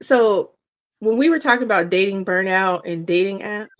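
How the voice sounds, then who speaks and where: A woman co-hosting a chat show who starts telling a story in a lively, casual way. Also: mid-range voice, moderate pace. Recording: dull lo-fi sound.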